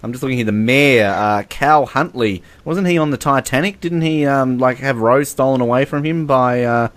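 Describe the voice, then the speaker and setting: A man's voice: medium pitch, normal speed. A man, hosting a casual podcast, jokingly reading fan messages aloud and laughing often. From Australia. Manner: playful, laughs often through his own lines. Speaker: podcast host.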